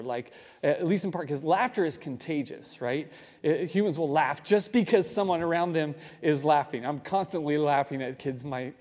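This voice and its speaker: A man preaching a sermon in a relaxed, conversational way, often asking the audience questions. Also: fairly high pitch. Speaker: pastor. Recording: reverberant hall.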